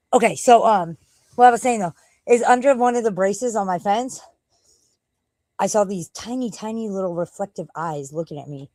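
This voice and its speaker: A woman's voice: fairly low pitch, darkish tone, no echo. A middle-aged woman chatting casually on a livestream at home, rambling and swearing offhandedly. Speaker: livestream host. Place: at home, walking out to the backyard.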